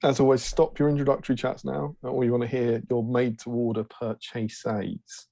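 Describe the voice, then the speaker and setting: A man's voice: medium pitch, level tone, normal speed, creaky, dark tone, no echo. A man co-hosting a casual live stream, throwing in dry, teasing quips. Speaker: co-host of a tabletop wargaming stream.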